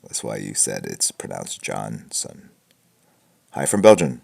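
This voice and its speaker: Hosting a live art critique stream in a room at home stacked with comic books, a headphone-wearing man rambles in casual chat, joking, using fillers and restarting. His bass voice swoops wildly in pitch, a little slow, gravelly and a little mellow.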